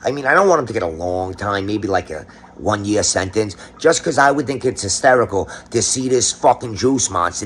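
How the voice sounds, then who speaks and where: A man's voice: mid-range voice, fairly bright tone, a little hiss or hum. A man with a New York accent hosting a crude, sarcastic comedic rant, swearing constantly. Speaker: commentary host.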